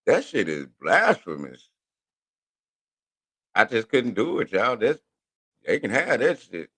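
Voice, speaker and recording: A man's voice: fairly low pitch, slightly rough. A man from Houston, hosting a radio show in a profane, rambling monologue rant. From Houston, Texas. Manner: profane, animated, rambling with drawn-out words.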